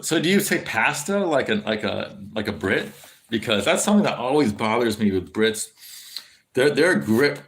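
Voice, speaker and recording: A rambling American streamer with a gravelly, fry-heavy voice sitting a little low, chatting with his audience. He talks casually, swearing freely and filling gaps with "um" and "like". His profane, meandering answers to chat questions carry the easy tone of a long stream. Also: fairly bright tone, slight background noise. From California, USA. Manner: rambling, profane, lots of fillers.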